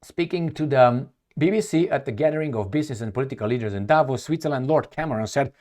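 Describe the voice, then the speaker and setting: A man's voice: medium pitch, fast, few pauses, darkish tone. A man reading news aloud and reacting with heated sarcasm, often searching for words and repeating himself as he goes. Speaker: political commentator.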